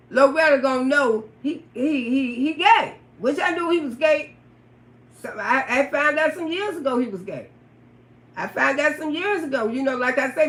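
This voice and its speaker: High bright-voiced woman telling a story. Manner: profane, laughs often, loud outbursts. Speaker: livestream storyteller. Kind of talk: casual storytelling. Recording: roomy echo.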